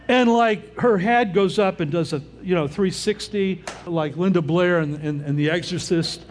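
An older man gives a sermon in a relaxed, conversational way. His voice sits a little high and sounds husky. He often pauses to check in with his listeners as he talks. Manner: informal, often checks in with the audience. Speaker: pastor.

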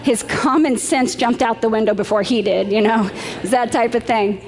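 A woman's voice: a little high, moderate pace. Woman preaching in a reverberant hall. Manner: storytelling, chatty with light laughs. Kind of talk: sermon.

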